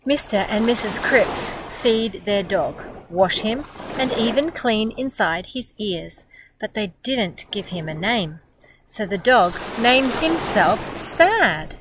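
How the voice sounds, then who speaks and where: A middle-aged Australian woman reads a picture book aloud outdoors by the water. She speaks slowly and gently at an ordinary pitch, adding warm asides between pages. Outdoor ambience and insect noise can be clearly heard around her. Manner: gentle, expressive, comments warmly between pages. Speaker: storyteller. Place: outdoors by a beach.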